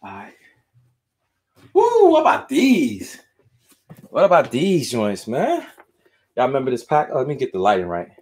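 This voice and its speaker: A sneaker collector chats casually on a live stream from a home room packed with shoes, sounding winded and out of breath. His mid-range voice is sing-song, a little fast and a little mellow, wandering loosely between muttering and explanation.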